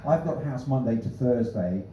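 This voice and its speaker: A stand-up comedian tries out new material in a small club, delivering dry pun-based one-liners with offhand asides. His mid-range voice is dark in tone, a little fast, and lively in intonation, picked up in an echoey room that sounds distant and slightly dull.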